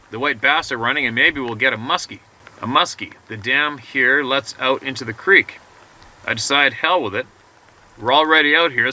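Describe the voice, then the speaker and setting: A man's voice: mid-range voice, poor audio. A man reading a viewer's encounter story aloud outdoors by a river, stumbling and restarting mid-sentence. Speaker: host reading a viewer's email. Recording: outdoor clip with loud rain noise.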